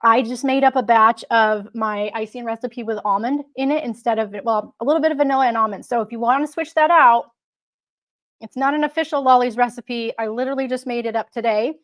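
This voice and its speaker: A woman hosting a casual live stream, talking in a chatty, rambling way with frequent restarts. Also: fairly high pitch. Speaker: host.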